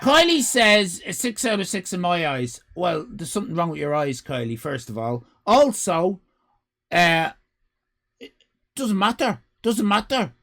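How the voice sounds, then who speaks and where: A man hosting a live stream, grading viewers' drawings in a mock-stern, theatrical way and often breaking into shouts. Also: high-pitched, big pitch swings, a little slow, gravelly. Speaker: livestream host.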